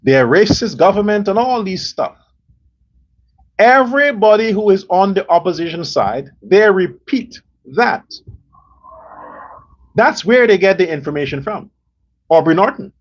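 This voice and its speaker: A male show host giving a blunt, profane commentary monologue, telling stories in a rough, outspoken way. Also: sits high, expressive, measured pace, long pauses, highs cut off.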